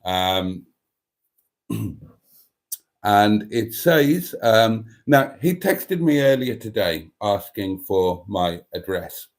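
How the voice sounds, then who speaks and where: A man's voice: lowish voice, expressive, drawn-out words. A man hosting a casual live stream, rambling through a story and reading out viewer comments.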